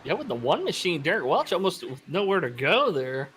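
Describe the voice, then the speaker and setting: An upbeat man chimes in on the race with quick observations of what the drivers are doing. His voice is fairly high and very bright and forward. A faint hiss sits in the background. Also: big pitch swings. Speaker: color commentator. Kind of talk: casual race commentary.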